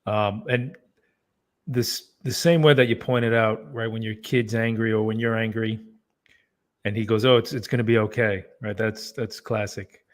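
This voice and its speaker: A man's voice: on the low side, steady tone, unhurried. A man co-hosting a podcast in casual chat, emphatic and playing out sarcastic examples. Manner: emphatic, sarcastic role-play. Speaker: podcast co-host.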